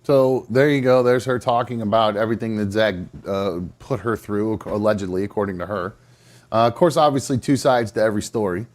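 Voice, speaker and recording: A man's voice: fairly low pitch, fairly quick, darkish tone. A man hosting a live show, talking casually with many fillers and restarts. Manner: chatty, hedging, with fillers and restarts. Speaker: podcast host.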